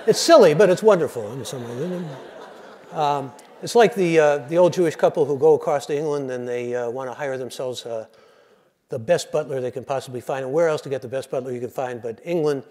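Mellow-voiced man telling jokes in a lecture. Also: mid-range voice, fairly quick. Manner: conversational, digressive, relaxed joke-telling. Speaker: public radio host giving a lecture.

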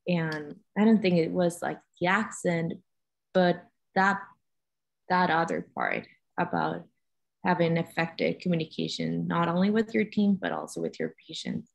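A woman with a Spanish accent answering as a physician on a panel, careful and pausing with ums. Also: lowish voice, big pitch swings, gravelly. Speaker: physician guest.

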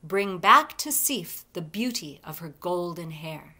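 A woman's voice: fairly low pitch, lively intonation, a little slow, pushed and bright, heavily acted. Brief: stern elderly ruler of the gods, grave and firm, read by a woman. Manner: grave, authoritative. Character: stern old male father of the gods.

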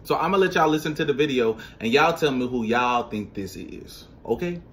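A man hosting a casual reaction vlog, speaking straight to his viewers in an animated, slangy way. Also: medium pitch, moderate pace, slight background noise. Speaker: vlogger.

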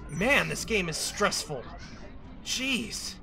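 A man commentating his own gameplay, talking to himself, fretting and then hyping himself up with mock-dramatic shouts. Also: fairly high pitch, lively intonation, a little slow, husky. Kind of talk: let's play commentary. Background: game music.

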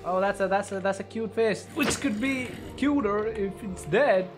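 A young man giving casual let's-play commentary, mumbling asides and bursting into loud yelps and cheers. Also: high voice, moderate pace, music in the background. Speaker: gaming commentator.

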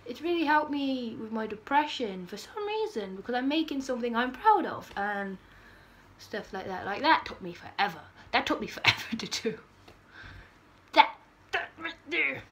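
A woman's voice: sits high, a bit bright. A teenage girl, chatting casually in a bubbly, giggly vlog style with dramatic outbursts. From United Kingdom. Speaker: vlogger.

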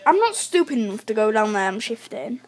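A woman giving chatty live commentary while playing a video game, talking to herself with excitable outbursts. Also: on the high side, brisk. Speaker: gamer.

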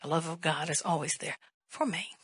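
A woman's voice: sits low, normal speed, fairly bright tone, slightly rough, no room sound, rough recording. A woman pastor preaching a sermon in an emphatic way, firing rhetorical questions and rising to a raised voice.

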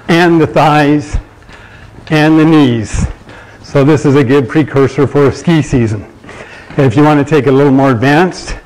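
A man's voice: on the high side, darkish tone, poor audio. A man in his sixties hosting a live fitness show, explaining exercises while demonstrating them and answering viewer questions. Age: 60s.

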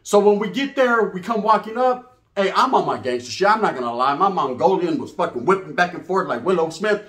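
A man's voice: high-pitched, lively intonation, brisk, fairly bright tone, roomy sound. A middle-aged man from California with a Chicano English accent, telling a profane comedic story in street slang and speaking straight to his listeners. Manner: streetwise slang, acts out other voices, addresses listeners directly. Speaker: storyteller host.

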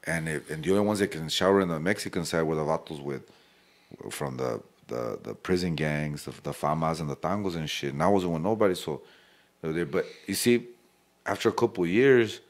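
A very deep, low-pitched male voice. He chats casually as a podcast guest, swearing freely and dropping Spanish slang into his stories. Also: fairly quick. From El Paso, Texas. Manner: profane, streetwise storytelling mixed with Spanish slang.

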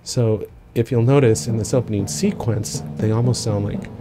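A man's voice: medium pitch, fairly even intonation, normal speed, music in the background. A man explaining a filmmaking technique as an instructor, talking it through step by step with casual asides. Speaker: film school instructor. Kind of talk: explanatory lesson narration.

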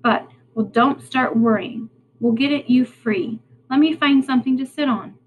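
A woman's voice: high-pitched, moderate pace, slight background noise, close to an everyday voice, poor audio. A woman voicing an earnest young girl in a storybook reading, speaking in a pleading, patient way.

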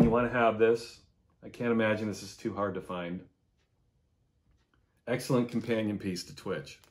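A man's voice: lowish voice, a little mellow. Chatty man reviewing records. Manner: enthusiastic, chatty, swears casually. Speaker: music vlogger.

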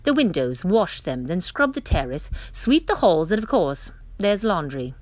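A woman's voice: on the low side, very animated, a little slow, no room sound. A woman voicing a stern, bossy stepmother who barks out chores in curt commands. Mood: commanding.

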